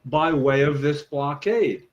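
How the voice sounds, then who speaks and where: A fired-up man rails against censorship on a casual advocacy show. He is emphatic and swears freely, and his voice sits fairly high for a man. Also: slow pace, highs cut off. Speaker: podcast co-host, patient rights advocate. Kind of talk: heated casual political talk.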